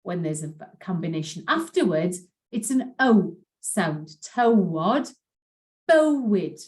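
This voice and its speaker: A woman giving a pronunciation lesson, repeating words slowly and clearly for learners. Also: fairly low pitch, animated, darkish tone. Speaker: Welsh language teacher.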